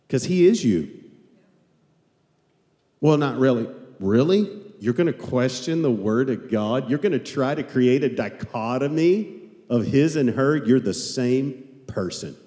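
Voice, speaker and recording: A middle-aged man preaching a sermon to a live congregation, joking and animated, rising at times to shouts. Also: mid-range voice, a little slow, long pauses. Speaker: pastor. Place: large church hall before a live audience. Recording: long hall reverb.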